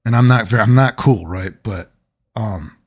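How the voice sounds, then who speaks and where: A man's voice: fairly low pitch, moderate pace, breathy edge. A man vlogging, telling personal stories in a loose, rambling way, full of fillers and frequent laughter. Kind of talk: casual rambling storytelling.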